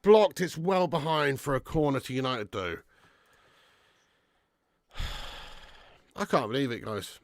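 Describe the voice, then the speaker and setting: A man hosting a live football watch-along, calling the play and chatting casually with viewers, swearing freely and swinging between excited shouts and weary sighs. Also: medium pitch, measured pace, pauses often, no echo, studio quality. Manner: casual and matey, thanks viewers by name. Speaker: fan channel host doing live match watch-along.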